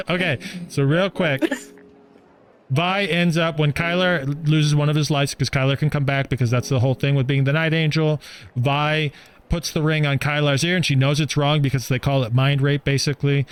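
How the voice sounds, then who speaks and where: Man briskly recapping a book plot. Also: a little high, fairly even intonation. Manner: brisk, pushes the talk along, plainspoken recap. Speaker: book review podcast co-host. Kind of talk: casual chat recapping a book.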